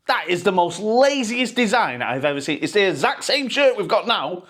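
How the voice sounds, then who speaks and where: Sweary fan ranting. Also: male voice, high voice, sing-song, moderate pace, a bit bright. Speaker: football fan vlogger. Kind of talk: pre-match fan vlog rant.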